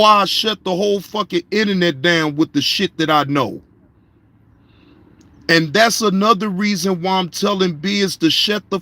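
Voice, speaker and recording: A man's voice: high-pitched, sharp tone, no echo. A man hosting a casual live-stream reaction show, speaking, profane and repetitive, addressing viewers in the chat by name.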